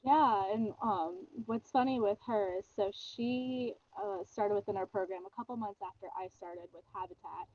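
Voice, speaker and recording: A woman's voice: medium pitch, moderate pace, few pauses, no echo. Chatty woman guest on dull audio. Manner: casual, chatty with fillers. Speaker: nonprofit communications manager. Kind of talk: interview guest.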